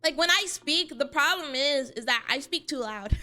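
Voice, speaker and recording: A woman's voice: high voice, lively intonation, moderate pace, sharp tone, faint music behind. A young woman VTuber chatting casually on stream, answering chat and laughing often.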